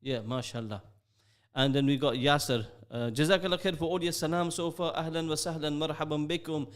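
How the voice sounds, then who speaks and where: A man's voice: a little high, a little fast. A middle-aged man hosting a live radio show, chatty and jokey, reading out listener messages from the studio. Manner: chatty, upbeat, jokey, sprinkles Arabic phrases. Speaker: radio host.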